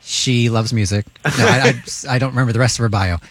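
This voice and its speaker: A man co-hosting a morning radio show in a studio, chiming in with quick, wry remarks. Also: medium pitch, steady tone, a bit bright. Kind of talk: radio banter.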